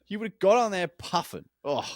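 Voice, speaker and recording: A man co-hosting a podcast, chatting casually with quick reactions and frequent laughs. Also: high voice, big pitch swings, dry recording, clean studio sound. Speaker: podcast co-host. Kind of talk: casual chat.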